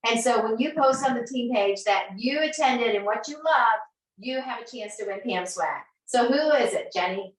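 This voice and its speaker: A woman's voice: fairly high pitch, lively intonation, normal speed. Bubbly woman in an echoey room. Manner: bubbly, laughs often. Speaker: sales team leader hosting a live meeting. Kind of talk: upbeat live video announcement. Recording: echoey room, far from mic.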